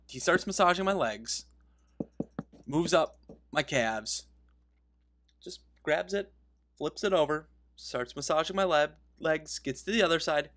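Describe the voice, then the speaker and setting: Slightly high and a bit bright, this male game video creator's voice carries casual gaming commentary. He meanders through a story, cuts himself off, and chuckles at his own narration.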